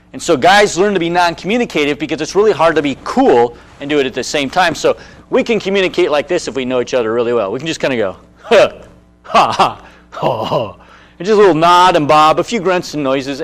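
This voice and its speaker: Animated male speaker in his sixties. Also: on the high side. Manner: animated storyteller who acts out quotes. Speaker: speaker on anger management. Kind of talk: presentation with personal stories.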